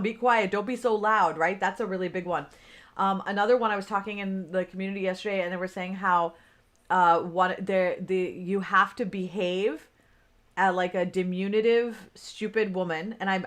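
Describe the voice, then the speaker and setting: With a lowish, fairly bright voice, a fortysomething business coach speaks unscripted on a livestream. She's chatty, fills her speech with fillers, and greets viewers by name.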